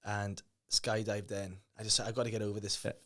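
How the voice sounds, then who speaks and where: A man hosting a podcast as a mindset coach, chatting casually and telling lively stories, acting out quotes and swearing freely. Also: on the low side, a little fast. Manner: animated storyteller, swears freely, acts out quotes. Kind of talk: casual chat, storytelling.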